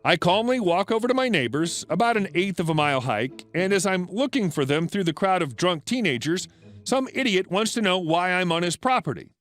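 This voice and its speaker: A man's voice: sits high, lively intonation, fairly quick, fairly bright tone. A man narrating a story in a dry, matter-of-fact scripted reading.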